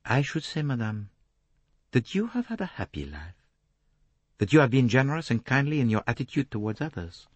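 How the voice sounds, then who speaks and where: A man reading an audiobook voices a fastidious middle-aged Belgian detective, precise and courteously relentless. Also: mid-range voice, big pitch swings, husky, no echo, voice pushed up. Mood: gentle.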